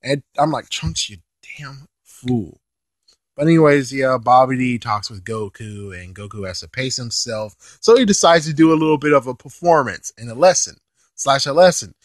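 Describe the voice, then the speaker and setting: A man giving casual episode commentary as an anime reviewer. He is animated, swears casually, and laughs while he talks. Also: medium pitch, brisk, no echo.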